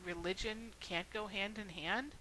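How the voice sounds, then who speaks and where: A woman's voice: medium pitch, a little slow, pushed and bright, a little hiss or hum, low-quality recording. A woman video blogger telling a story and then making an earnest, rhetorical argument.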